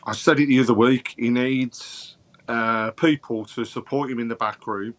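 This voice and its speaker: A man on a podcast panel, giving long, measured explanations of his views in a casual football chat. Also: mid-range voice, fairly even intonation.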